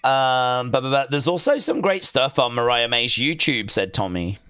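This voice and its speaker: A man's voice: mid-range voice, animated, moderate pace, sharp tone, clean tone, no echo. An English man hosting a casual watch-along live stream, rambling as he reads viewer comments aloud and reacts to them.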